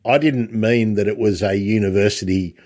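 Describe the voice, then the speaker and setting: A man's voice: lowish voice, fairly even intonation, normal speed, darkish tone. A man, hosting a podcast and asking questions in a chatty, wandering way. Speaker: podcast host. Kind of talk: casual interview.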